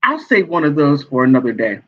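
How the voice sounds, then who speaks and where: High, animated man dishing gossip. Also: fairly quick. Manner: sassy, animated, laughs often. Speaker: celebrity gossip vlogger. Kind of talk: casual commentary. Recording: dull lo-fi sound.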